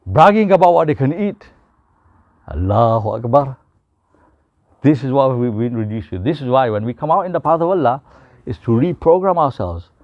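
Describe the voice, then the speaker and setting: A man's voice: mid-range voice, animated, normal speed, long pauses, dry recording. A man giving an informal religious talk to a group, telling stories and acting out the people in them, slipping into Gujarati and Urdu phrases. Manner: storytelling with acted quotes, mixing English with Gujarati and Urdu phrases. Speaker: Islamic preacher. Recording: dull, muffled, dry recording.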